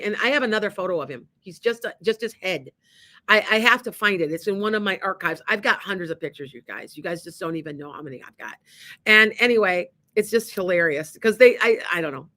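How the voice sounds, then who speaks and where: Middle-aged woman, radio host and medium, bright voice, lively storyteller who restarts often. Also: medium pitch. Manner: animated, acts out quoted dialogue, many restarts. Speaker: psychic medium and show host. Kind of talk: casual storytelling on an internet radio show.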